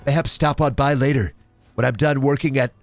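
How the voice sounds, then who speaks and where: A fussy, wheedling nerd, as a man puts him on, courting a lady in stiff old-fashioned words. The voice sits higher than his own and lilts with smug politeness. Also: fairly even intonation, fairly quick, faint music behind, lightly acted. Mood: smarmy. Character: awkward nerdy young man courting a lady.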